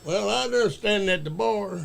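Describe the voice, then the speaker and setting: A man telling a profane story in a halting, drawn-out way as a guest on a talk show. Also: high-pitched, gravelly. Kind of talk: casual storytelling chat.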